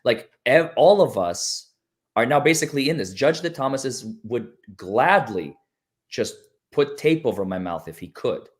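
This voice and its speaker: A man's voice: mid-range voice, expressive, moderate pace. A man, a lawyer appearing as a guest on a livestream, talking earnestly and rambling with many restarts. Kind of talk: casual livestream chat.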